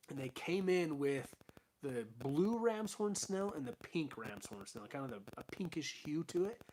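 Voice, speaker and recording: A man's voice: on the high side, slight background noise. Chatty man rambling on a home stream. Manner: rambling, chatty, fillers and restarts. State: losing his voice. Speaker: aquarium channel host. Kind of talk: casual live stream chat. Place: home fish room, indoors.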